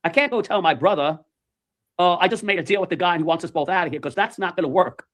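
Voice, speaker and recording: A man's voice: sits high, fast. A man telling a story in casual chat, animatedly acting out the voices of the people in it. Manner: animated, acts out quoted voices.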